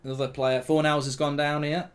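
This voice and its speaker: A man hosting a live football watchalong, bluntly reacting to the match and reading viewer comments aloud, his voice jumping up when play excites him. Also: a little high, brisk, clean tone. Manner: blunt, swears casually, rants at the referee. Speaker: host.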